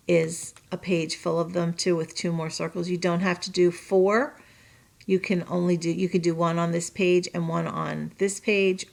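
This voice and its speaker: This is a woman teacher speaking to her students in a recorded online lesson. Her voice sits low and has a gravelly fry. She keeps a chatty tone, restarts sentences, draws on personal examples and keeps checking in with her listeners. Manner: chatty, checks in with tag questions.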